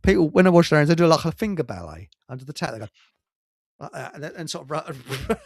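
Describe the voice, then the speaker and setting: A man's voice: a little high, very animated, quick pace, vocal fry, slight background noise. A man hosting a live stream show, telling rambling anecdotes in casual chat and laughing at his own stories.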